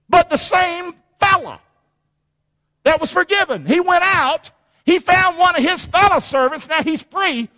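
A man preaching a sermon with call-and-response, animated, swinging from shouting to low, quiet talk. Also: slow, long pauses. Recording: long hall reverb.

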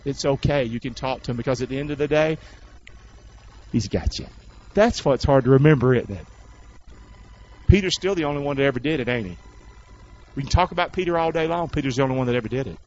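A man preaching a sermon to a congregation in a church, leading call-and-response and swinging between loud, rising calls and hushed, low passages. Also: fast talker, pauses often, highs cut off, a little hiss or hum. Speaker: pastor.

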